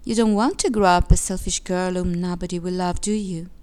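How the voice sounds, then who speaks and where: A woman reading aloud, voicing an impatient mother who chides her daughter briskly. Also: lowish voice, fairly even intonation, a little mellow, clear, resonant tone, natural voice. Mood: chiding. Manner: brisk, chiding.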